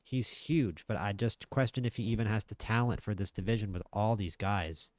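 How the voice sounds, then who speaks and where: A man's voice: on the low side, normal speed, darkish tone, dry recording. A man giving casual let's-play commentary, thinking aloud with frequent restarts. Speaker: gaming channel host.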